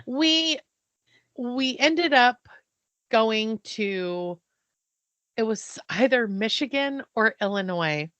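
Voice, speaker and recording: A middle-aged American woman co-hosting a podcast, telling stories in a casual, animated way, acting out the people she quotes and often restarting her sentences. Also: medium pitch, dry recording. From United States. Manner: restarts and stumbles mid-sentence. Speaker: podcast co-host. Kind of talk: casual storytelling chat.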